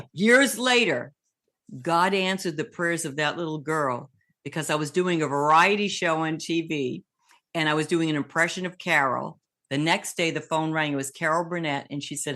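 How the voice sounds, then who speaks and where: An older woman with a low voice tells her stories with lively energy, easily slipping into bits of other voices as she goes. She talks casually, as a guest being interviewed. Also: normal speed. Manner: lively, animated storyteller who slips into voices. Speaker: guest, comedian and impressionist.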